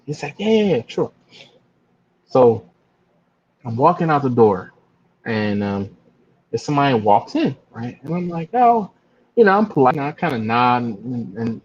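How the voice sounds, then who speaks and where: A man hosting a casual live stream, telling stories and acting out other people's voices in a much higher pitch. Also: animated, normal speed. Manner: storytelling, acts out other people with big jumps in pitch. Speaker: barbecue channel host. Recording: slightly dull lo-fi live stream.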